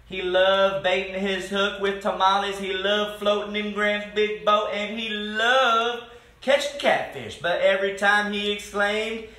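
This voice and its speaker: A man reads a picture book aloud to a group of children, expressive and stopping to talk with them between pages. His voice is high and bright, his reading slow and deliberate, and the room rings with echo. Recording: echoey room.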